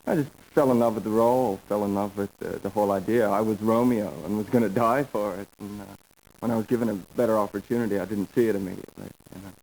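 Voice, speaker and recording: Hesitant young actor, gravelly. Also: male voice, lowish voice, steady tone, fast talker, a little mellow, slight background noise, rough recording. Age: young adult. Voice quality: hesitant, searching, many fillers. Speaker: actor guest. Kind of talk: TV interview.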